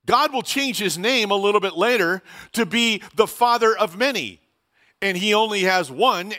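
Bright, high-voiced man preaching. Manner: conversational preaching, rhetorical questions, repeats key phrases. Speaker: pastor. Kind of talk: sermon.

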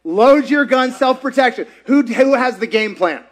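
High, lively-voiced male preacher. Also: normal speed. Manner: animated, conversational, quizzes the audience. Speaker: pastor. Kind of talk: sermon.

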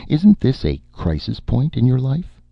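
A man voicing a fussy, apologetic male robot that talks quickly and eagerly in an audiobook reading. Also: wildly swooping pitch, creaky, no echo, exaggerated voice. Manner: quick, eager, rising pitch. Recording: muffled lo-fi recording.

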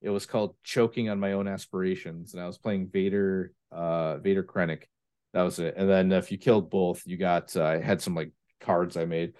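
A man's voice: low voice, normal speed, smooth. A man hosting a tabletop gaming podcast, telling stories casually and with lots of fillers and restarts. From US East Coast. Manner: rambling, animated storytelling with many fillers. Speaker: podcast host. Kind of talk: casual chat.

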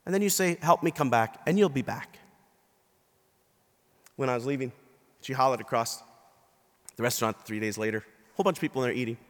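Bishop preaching in a reverberant church. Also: male voice, medium pitch, fairly quick, long pauses. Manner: storytelling, acting out quoted people. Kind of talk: sermon. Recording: long reverb of a large hall.

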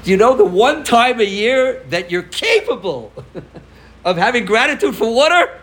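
A man, a rabbi, giving an informal sermon to his congregation, telling stories with loud emphasis and soft asides. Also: extremely high pitch, normal speed, rough recording. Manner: animated storytelling, swings between loud emphasis and soft asides. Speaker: rabbi giving a farbrengen talk.

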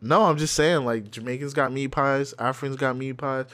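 A man's voice: medium pitch, fairly even intonation, moderate pace, a bit bright. A young man co-hosting a casual chat about music videos, explaining things in a loose, profane, laughing way. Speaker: podcast co-host.

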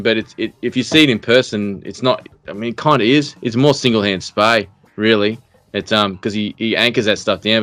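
A man's voice: lowish voice, fairly bright tone, dry recording. A man with an Australian accent, co-hosting a podcast in rambling, jokey casual banter full of fillers and restarts. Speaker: podcast co-host.

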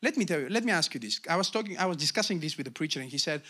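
Quick-paced and expressive, this middle-aged man gives an emphatic sermon as pastor, calling out to the congregation. Low asides alternate with shouted high points.

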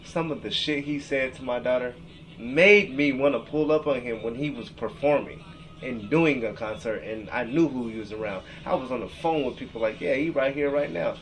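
A man in his thirties from Seattle, hosting a podcast as he vents in a long, profane rant. He rambles and reads text messages aloud, in a voice of ordinary middle pitch. A faint hiss sits under the recording. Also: moderate pace, poor audio. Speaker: podcast host. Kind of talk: emotional rant.

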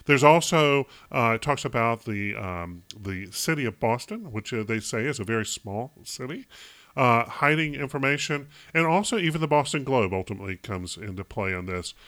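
A man from Chicago co-hosting a casual movie review chat, rambling and halting with many fillers. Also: medium pitch, animated, fairly bright tone, no echo. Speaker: podcast co-host.

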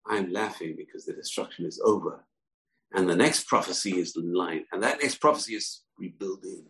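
A man voicing an old male sage who speaks calmly and with hope. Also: deep voice, normal speed, rough recording. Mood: serene.

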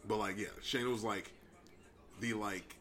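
A young man with a fairly low voice hosts a laid-back podcast conversation. He talks in an easygoing, halting way, often restarting his sentences as he leads the talk. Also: steady tone, a bit bright. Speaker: podcast host. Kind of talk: casual podcast chat.

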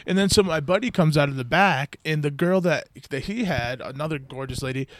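A man's voice: a little high, fairly quick, slight background noise. A man hosting a podcast in a crude, rambling casual chat, laughing often. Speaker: podcast host.

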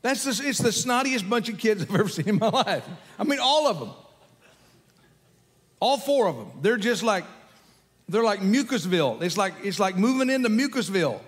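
An older man preaches a sermon in a relaxed, storytelling manner, chuckling as he goes. His voice sits high for a man. A long reverb trails behind him, as in a big hall. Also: normal speed. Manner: conversational, folksy, animated storytelling with chuckles. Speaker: pastor.

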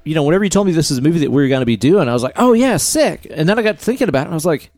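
A man's voice: fairly high pitch, lively intonation, rapid-fire, a little mellow, no echo, soft background music. A man co-hosting a podcast in casual chat, joking and swearing freely. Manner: profane, laughing, joking. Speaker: podcast co-host.

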